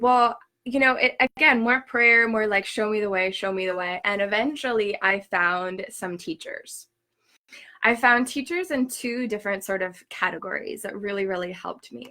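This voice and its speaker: Brief: young woman host, bright clear tone, chatty and animated, filler-heavy live-stream storytelling. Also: mid-range voice. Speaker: spiritual teacher hosting a workshop. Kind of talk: casual storytelling talk. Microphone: live stream, reads viewer comments.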